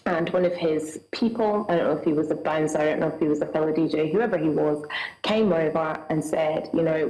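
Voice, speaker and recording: A woman's voice: on the low side, a little mellow, echoey room, low-quality recording. A woman with a Scottish accent, a guest recounting a personal experience in an earnest, vivid way, acting out what people said. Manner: earnest, vivid storytelling with acted-out dialogue.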